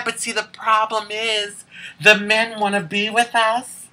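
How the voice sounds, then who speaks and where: Sassy woman with a sharp voice. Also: medium pitch, takes it slowly, long pauses. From United States. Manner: sassy, candid, laughs often. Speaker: vlogger. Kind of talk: casual storytelling to camera.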